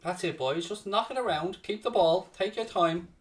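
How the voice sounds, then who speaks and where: Man, football watchalong host, sweary banter, high voice, picked up from a distance. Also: normal speed. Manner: swearing, excitable, cheering on his team and winding up rivals. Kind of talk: live reactive match commentary, casual banter.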